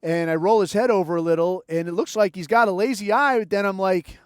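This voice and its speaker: A man's voice: high-pitched, fast talker, clear, resonant tone, dry recording, studio quality. A man hosting a podcast, telling a war story in a rambling, profane, wry way. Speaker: podcast host. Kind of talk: casual storytelling monologue.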